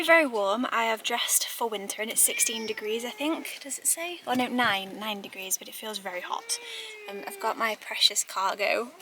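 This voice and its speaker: A woman's voice: a little high, lively intonation, moderate pace, noisy background. A woman vlogger chatting casually to the camera, laughing often as she talks.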